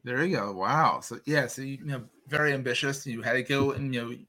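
A man hosting a podcast interview, chatty and quick to affirm and joke. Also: mid-range voice, bright, forceful tone. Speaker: podcast host. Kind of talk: casual interview.

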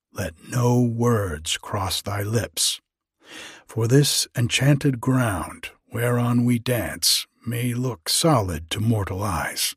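A man's voice: on the low side, breathy edge, dry recording, studio quality, exaggerated voice. A man voicing a wailing little grizzled old goblin, pleading in archaic storybook speech. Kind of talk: storybook reading.

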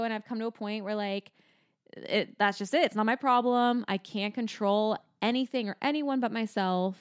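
A woman talks openly on a podcast in relaxed, casual chat. Her voice is smooth and mid-pitched. The dry, close sound carries her confiding, filler-laden speech. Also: normal speed, no room sound. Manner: candid, confiding, filler-heavy talk. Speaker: podcast co-host.

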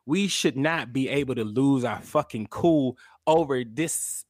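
A young man co-hosting a podcast, telling a heated story in casual, profane chat and loudly acting out what people said. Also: medium pitch, unhurried, few pauses, dry recording, studio quality. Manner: animated, profane, acts out quotes loudly. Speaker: podcast co-host.

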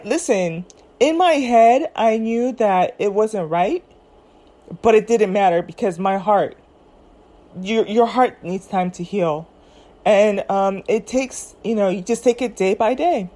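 A woman's voice: on the high side, mellow. Chatty woman rambling through celebrity gossip. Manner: chatty, rambling, many fillers and self-corrections. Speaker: podcast host. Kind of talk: casual commentary chat. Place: at home, eating snacks.

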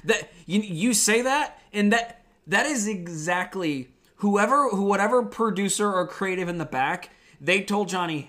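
Brief: young male podcast co-host, slightly high voice, rambling and wry, lots of "uh". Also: expressive, normal speed, a bit bright. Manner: rambling, filler-heavy, wry. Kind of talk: casual wrestling recap chat.

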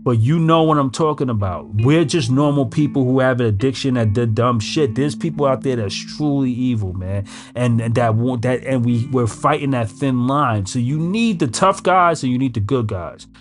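A man's voice: mid-range voice, normal speed, hardly any pauses. A man giving blunt, emphatic recovery advice in casual street slang. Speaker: recovery speaker. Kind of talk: casual motivational talk. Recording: music in background. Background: guitar music.

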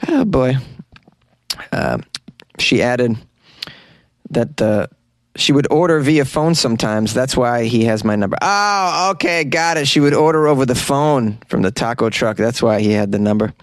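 A man's voice: mid-range voice, unhurried, no echo. Give me a jokey man riffing on the news for his podcast, close and dry. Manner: jokey, animated, laughs at own jokes. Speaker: podcast host. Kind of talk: comedic news commentary.

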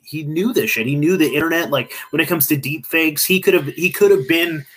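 A man talking in a casual, profane, excitable way on a podcast, telling stories with lots of swearing. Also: fairly high pitch, brisk. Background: baby crying in another room.

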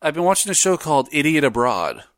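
A man co-hosting a podcast in casual chat, animated and laughing often. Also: a little high, quick pace, dry recording, clean studio sound. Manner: animated, laughs often, does silly voices in stories. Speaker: podcast co-host.

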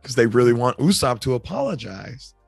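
A man chats casually as a podcast co-host, retelling scenes with a lively, swooping voice. He jumps into high character voices for quoted lines. The sound is dry and close, with faint music underneath. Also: fairly quick, creaky, breathy edge, no room sound.

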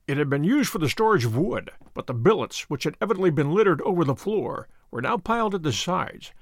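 Dry gravelly voice, a methodical detective telling his case in a radio drama, swoopy delivery. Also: on the high side, no room sound, exaggerated voice. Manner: precise, measured storytelling. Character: Holmes, sharp methodical male detective narrating.

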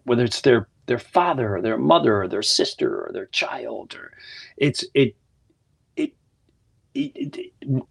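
A man's voice: medium pitch, vocal fry. A man hosting a podcast, telling earnest, heartfelt stories in a casual monologue. He often restarts and repeats words, and sometimes drops to a near whisper. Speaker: podcast host.

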